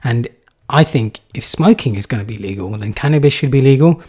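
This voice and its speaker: A man's voice: mid-range voice, expressive, brisk, darkish tone, husky. A man hosting a live question-and-answer stream, talking in a loose, rambling, casual way with fillers and restarts.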